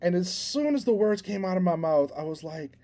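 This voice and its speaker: A man's voice: high-pitched, lively intonation, fairly quick, dark tone. A man co-hosting a podcast, telling a rambling, self-deprecating story in casual chat and laughing at himself. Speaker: podcast co-host.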